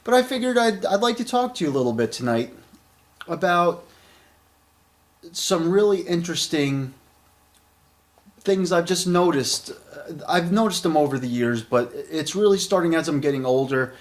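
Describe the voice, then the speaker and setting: A man's voice: a little high, animated, moderate pace, long pauses. A man in his late thirties giving a casual spoken product review, rambling, with many fillers and repeated words, friendly and enthusiastic. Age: 30s.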